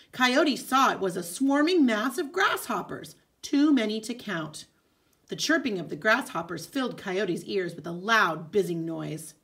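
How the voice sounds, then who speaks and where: A woman teacher reading a folk tale aloud, expressive, with casual asides. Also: mid-range voice. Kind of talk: storybook read-aloud.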